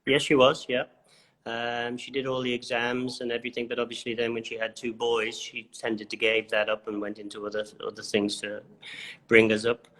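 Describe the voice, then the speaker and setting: A man from the Isle of Man, a chef being interviewed, talking in a relaxed and modest way. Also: medium pitch, moderate pace. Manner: relaxed, modest, many fillers. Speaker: chef, guest. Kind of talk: casual interview chat.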